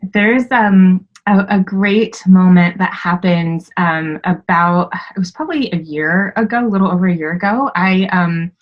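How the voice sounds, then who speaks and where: A woman in her twenties, a podcast guest, telling a personal story candidly, with many fillers and sharp rises when she quotes herself. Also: lowish voice, unhurried, hardly any pauses, muffled recording.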